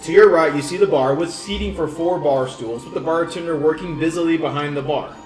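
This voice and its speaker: Man narrating a tabletop game. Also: fairly high pitch. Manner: descriptive, halting narration. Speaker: dungeon master. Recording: echoey room, distant mic, faint music.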